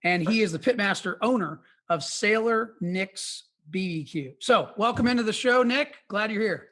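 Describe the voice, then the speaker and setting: A man's voice: high voice, normal speed, a bit bright. A man from the US Midwest hosting a podcast, upbeat and enthusiastic as he welcomes and questions his guest. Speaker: podcast host. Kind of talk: podcast interview.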